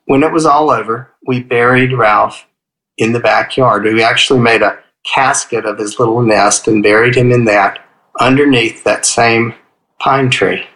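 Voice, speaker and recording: A man's voice: medium pitch, steady tone, measured pace, a bit bright, poor audio. Heartfelt man ending a personal story. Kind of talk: first-person live storytelling.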